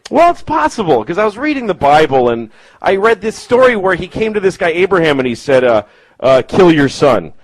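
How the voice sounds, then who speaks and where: Stand-up comic man, fairly high voice with lots of swing, rambling, profane and self-mocking in a club set. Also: sing-song, a little fast, poor audio. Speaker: stand-up comedian. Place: comedy club.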